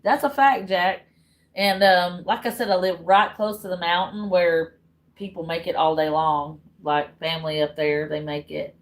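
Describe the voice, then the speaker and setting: This woman, a Southern-accented livestreamer from Tennessee, speaks plainly and casually to her audience with plenty of swearing. Her lowish voice moves at a moderate pace, and the audio is poor.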